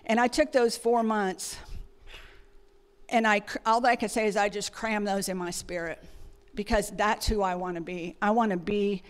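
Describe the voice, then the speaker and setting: A woman's voice: medium pitch, steady tone, moderate pace, big-room sound. A woman giving a conversational sermon, telling personal stories with frequent fillers. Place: church sanctuary.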